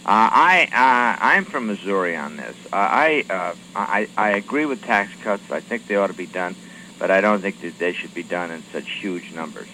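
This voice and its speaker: A man with a fairly low, bright, forceful voice, taking questions from radio stations as a lawmaker. He talks haltingly, filling gaps with many hesitations and restarting his sentences. A faint hiss sits under the voice. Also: animated, rough recording. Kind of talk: radio call-in interview.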